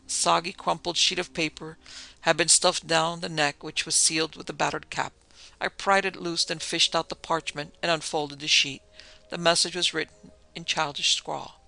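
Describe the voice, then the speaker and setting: Gravelly, bright male storyteller over music. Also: a little high, level tone, moderate pace. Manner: dramatic first-person storytelling. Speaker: narrator. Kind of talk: scripted narration of a pulp horror story.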